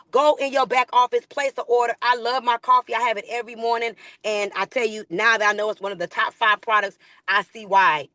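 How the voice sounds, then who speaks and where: A woman leading a network marketing training call, giving an energetic, preachy sales pitch that repeats phrases for emphasis. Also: no echo. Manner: hyped, preachy, calls the audience "baby" and "y'all".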